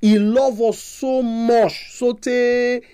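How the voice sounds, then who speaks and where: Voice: mid-range voice, level tone, extremely slow, dark tone, clear, resonant tone. A preacher with a Nigerian accent giving a sermon in an emphatic, repetitive, exhorting way.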